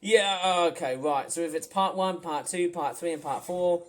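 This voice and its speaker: A man's voice: high voice, lively intonation, normal speed, few pauses. A man giving rambling reaction commentary, exasperated and full of swearing. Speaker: video commentator.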